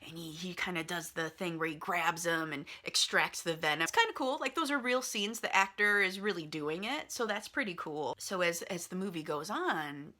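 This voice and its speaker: Bright-voiced woman chatting about a movie. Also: lowish voice, animated, normal speed, hardly any pauses. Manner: chatty, filler-heavy, retells scenes with quotes. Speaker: vlogger reviewing a movie. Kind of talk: casual chatty storytelling.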